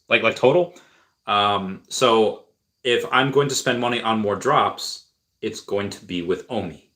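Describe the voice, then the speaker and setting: Here's a man with a fairly low voice chatting casually on a livestream. He rambles and repeats himself as he answers viewer questions, stumbling through restarts and filler words. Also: sharp tone. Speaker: crypto streamer answering viewer chat.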